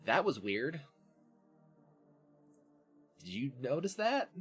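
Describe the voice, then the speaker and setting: A man's voice: medium pitch, very animated, takes it slowly, husky, faint music behind. A man with a nasal voice hosting a casual podcast, recapping an episode in a profane, sardonic way. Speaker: podcast host.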